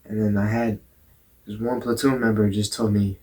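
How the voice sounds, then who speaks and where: A man's voice: on the low side, level tone, moderate pace, dark tone. Blunt, cussing young man telling a story. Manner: profane, blunt, stammers and repeats words. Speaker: vlogger. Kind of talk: candid storytelling monologue.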